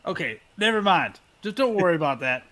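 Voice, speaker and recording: A man's voice: high-pitched, very animated, brisk, very noisy. A man playing a tabletop game, chatting casually and joking with laughter. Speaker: player.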